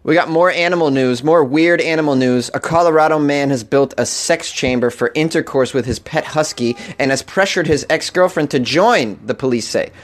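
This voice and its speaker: A man's voice: fairly high pitch, normal speed, few pauses. A man hosting a comedic weird-news show, reading stories and riffing with laughing asides and mock outrage.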